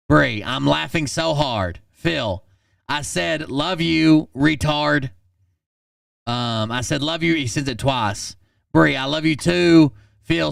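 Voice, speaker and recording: A man with a fairly high, heavily gravelly voice reads text messages aloud in a flat, deadpan way and breaks in with blunt asides. He talks slowly. The sound is dry and set back from the mic. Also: no room sound, far from the mic. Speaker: channel host reading text messages. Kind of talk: reading messages aloud with commentary.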